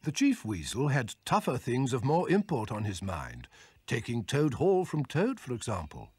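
A man reading scripted storybook narration in a lively, expressive way. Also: medium pitch, normal speed, husky, dry recording.

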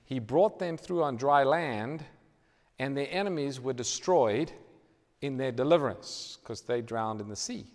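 A man preaching a sermon in a church, dramatic, swinging from loud emphasis to hushed tones. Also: medium pitch, lively intonation, measured pace. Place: church hall. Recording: reverberant church hall.

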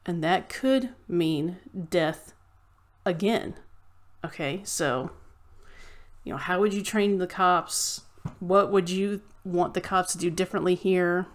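Impassioned woman vlogger with a low voice. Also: takes it slowly. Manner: impassioned, ranting. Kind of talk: opinion vlog monologue.

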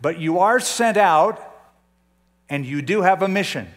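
A man's voice: high voice, animated, unhurried. An older man preaching a conversational sermon as a pastor, often putting questions to his listeners.

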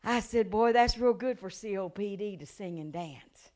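A middle-aged woman evangelist preaching a revival sermon, telling stories with acted-out voices and rising to a loud preaching cadence. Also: mid-range voice, normal speed. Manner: animated storytelling, acts out voices and gasps.

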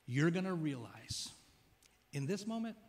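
A man's voice: a little high, sing-song, unhurried, darkish tone. A man preaching a sermon as pastor, casual and joking, talking like a friend.

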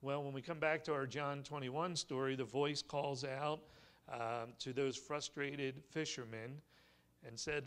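A man's voice: medium pitch, steady tone, slow pace, a bit bright, clean tone. Man preaching a conversational sermon. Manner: conversational storytelling with light humor. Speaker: pastor. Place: church sanctuary.

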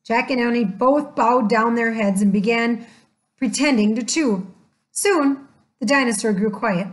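A woman narrating a children's chapter book aloud in a gentle, measured way. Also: fairly high pitch. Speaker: storyteller. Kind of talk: scripted storybook narration.

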